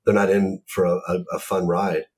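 A man talking as an author in a casual discussion, thoughtful and measured, with frequent pauses and ums. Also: deep voice, level tone, darkish tone. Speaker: author and series creator.

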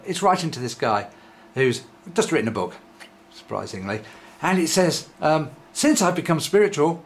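A man's voice: medium pitch, slight background noise. A man ranting sarcastically in a rambling, sweary monologue. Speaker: vlogger.

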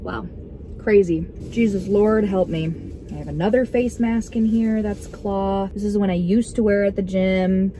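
A woman's voice: medium pitch, normal speed, dark tone, slight background noise. A young woman vlogging from inside her parked car, chatting casually in a rambling, giggly way that startles easily. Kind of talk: casual vlog chat.

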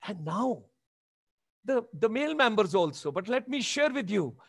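A man's voice: sits high, big pitch swings, normal speed, gravelly, no room sound, clean studio sound. A man in his seventies with an Indian accent, giving a motivational webinar talk with emphatic, repeated exhortations over a video call. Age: 70s. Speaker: motivational speaker.

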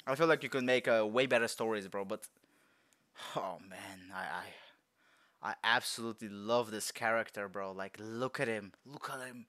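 A young man reacting to a movie trailer in loose, slangy, rambling chat. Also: medium pitch. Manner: excitable, slangy, rambling, bursts into shouts and laughs. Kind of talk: casual reaction commentary.

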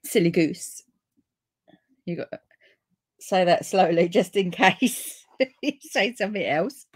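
A middle-aged woman with a British accent hosting a relaxed live papercraft stream, chatting to viewers and easily delighted. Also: lowish voice, a little slow, husky. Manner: chatty and easily delighted, with frequent gasps and laughs.

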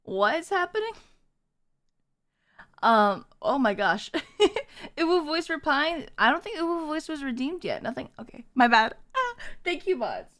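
Bubbly high-voiced woman streamer. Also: very animated, a little slow, fairly bright tone. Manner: bubbly, reads and thanks chat. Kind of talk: live stream chat with viewers.

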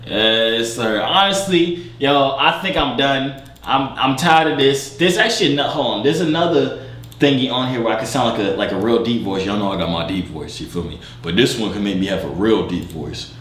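A man's voice: medium pitch, normal speed, fairly bright tone. A young man hosting a casual video, talking to his viewers in a slangy, laid-back way. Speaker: video host. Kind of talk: casual vlog talk to viewers. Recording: echoey room sound.

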